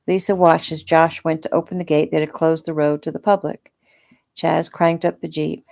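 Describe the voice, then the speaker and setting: Low-voiced woman reading her novel. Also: moderate pace, gravelly. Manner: relaxed, unpolished reading. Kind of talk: casual audiobook narration.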